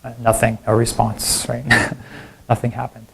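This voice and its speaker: A man's voice: mid-range voice, unhurried, gravelly, slightly rough. A middle-aged man, a professor, giving a public lecture full of self-deprecating stories and asides like "right?". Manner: animated storyteller, self-deprecating, frequent "right?" and "like". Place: university lecture hall.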